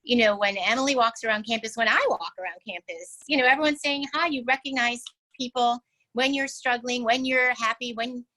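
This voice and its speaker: A woman's voice: a little high, a little fast, sharp tone, rough recording. A woman speaking conversationally on a panel over a video call, with many filler phrases. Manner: conversational, many you-knows. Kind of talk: panel chat.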